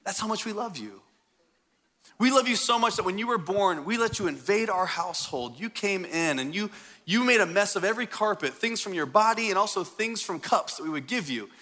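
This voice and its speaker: A man preaching a sermon to a congregation in a church, animated and conversational. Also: high-pitched. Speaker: pastor. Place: church sanctuary before a congregation.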